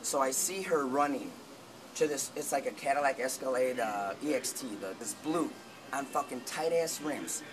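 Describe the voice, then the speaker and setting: Over some background noise, a man speaks at a normal pace in a medium pitch, spinning a long, casual story. He swears heavily and gives lively retellings of people's words.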